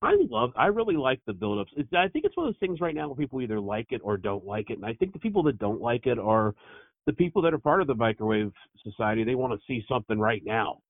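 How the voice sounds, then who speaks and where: A man's voice: mid-range voice, very animated, fast talker, no room sound. Man on a tinny phone-like line. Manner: easygoing, joking. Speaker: podcast co-host. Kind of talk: casual chat.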